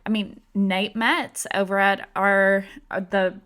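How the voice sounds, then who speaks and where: A woman's voice: mid-range voice, level tone, slow, fairly bright tone. Chatty woman hosting a podcast. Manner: chatty, laughs easily, playful. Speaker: podcast host. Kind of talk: casual podcast chat.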